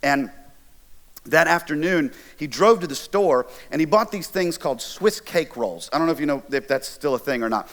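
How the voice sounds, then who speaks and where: A middle-aged man preaching to a college ministry, telling a personal story in an animated, conversational way with jokey asides. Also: a little high, moderate pace. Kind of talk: storytelling sermon.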